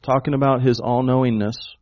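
A man's voice: medium pitch, little pitch movement, a little fast, highs cut off. A man preaching a sermon, emphatic and full of rhetorical questions to the congregation. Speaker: pastor.

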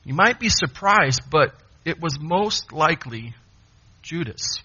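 A man preaching a sermon, emphatic, with dramatic pauses. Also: a little high, expressive, sharp tone, slightly rough, dull audio.

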